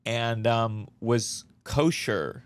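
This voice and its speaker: A man, a comedian guest, chatting casually and telling animated stories with quoted voices and some swearing. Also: mid-range voice, drawn-out words, clean tone. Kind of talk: casual chat, storytelling.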